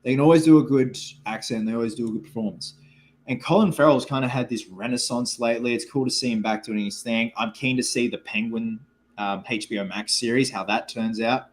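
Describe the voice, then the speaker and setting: A man's voice: medium pitch, fairly quick. A man hosting a casual live-stream Q&A, rambling and chatty with lots of filler words as he reads viewer comments aloud. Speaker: livestream host.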